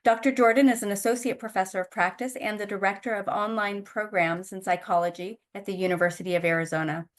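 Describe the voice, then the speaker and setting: A woman co-chairing a conference session reads a prepared introduction in a polite, formal tone. Her voice sits at a middle pitch and stays steady throughout. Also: quick pace, few pauses. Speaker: assistant professor and session co-chair introducing the speaker.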